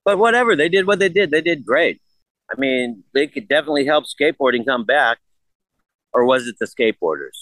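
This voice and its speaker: A man's voice: mid-range voice, lively intonation, a little fast, a bit bright, no echo, low-quality recording. An older man in a casual interview, blunt and profane, rambling through stories. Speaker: guest.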